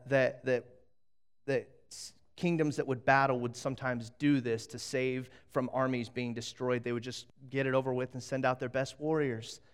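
A man's voice: mid-range voice, smooth. A man preaching a sermon, telling a story with energy, acting out voices and often restarting his sentences. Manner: animated storytelling, acts out voices, frequent restarts. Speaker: pastor.

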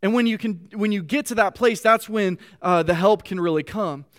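A man's voice: high voice, normal speed, fairly bright tone. A male pastor giving an earnest sermon. He reads scripture aloud with feeling and often repeats words while reaching for his thoughts.

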